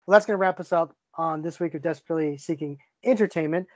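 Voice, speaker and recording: A man's voice: a little high, quick pace, darkish tone, no room sound, lo-fi sound. A man hosting a podcast in casual chat, enthusiastic and full of fillers and restarts. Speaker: podcast host.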